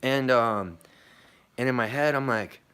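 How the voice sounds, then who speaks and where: A man's voice: mid-range voice, measured pace, bright, forceful tone, clean tone. A young American man telling a long story in a casual vlog, rambling and swearing, with many fillers and restarts. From United States. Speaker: vlogger.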